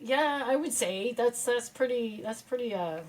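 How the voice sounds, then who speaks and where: A woman's voice: a little high, moderate pace, rough recording. A woman guest on a podcast, chatting in a bubbly way and laughing often. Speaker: podcast guest, paranormal investigator. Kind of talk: casual chat.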